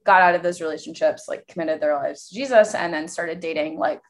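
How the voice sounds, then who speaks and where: A woman's voice: deep voice, a little fast. A young woman co-hosting a podcast, telling a personal story candidly and animatedly, with many fillers. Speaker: podcast co-host. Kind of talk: casual podcast conversation.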